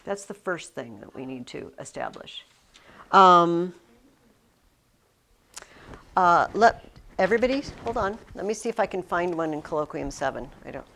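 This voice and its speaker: A woman teaching a Latin class in a classroom, explaining slowly with frequent restarts. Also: lowish voice, animated, vocal fry, fairly bright tone. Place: classroom with students.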